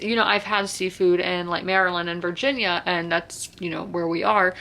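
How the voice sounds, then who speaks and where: Chatty woman with vocal fry. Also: fairly low pitch, a bit bright. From South Carolina. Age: 20s. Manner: chatty, filler-heavy, reads passages aloud. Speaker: book reviewer. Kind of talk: casual book review vlog.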